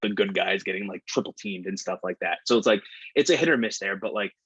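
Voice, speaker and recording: Husky low-voiced man chatting, lo-fi. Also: fast, a bit bright, no echo. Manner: rambling, heavy use of "like". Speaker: podcast co-host. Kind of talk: casual chat.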